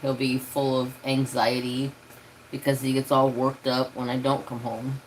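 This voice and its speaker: A man's voice: medium pitch, completely flat delivery, a little slow, slight background noise, poor audio. A man hosting a craft live stream, chatting casually and rambling easygoingly with many fillers.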